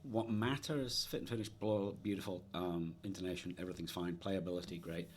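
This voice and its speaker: A man's voice: sits low, fairly even intonation, fairly quick, a little hiss or hum. A man reviewing an acoustic guitar in a casual, musing way, wandering into asides while he talks it through. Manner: thoughtful, musing, with trailing asides. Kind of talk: casual gear review talk. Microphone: dynamic supercardioid about half a metre away.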